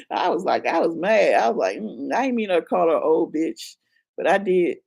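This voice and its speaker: A woman's voice: fairly low pitch, very animated, unhurried, gravelly, darkish tone, breathy edge. A woman in her fifties telling a story in a casual chat, frank and profane, laughing as she goes. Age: 50s. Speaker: channel host.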